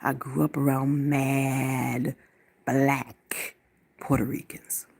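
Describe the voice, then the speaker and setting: A woman's voice: a bass voice, little pitch movement, drawn-out words, creaky, a little mellow, husky. Blunt, profane woman ranting to camera. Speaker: vlogger.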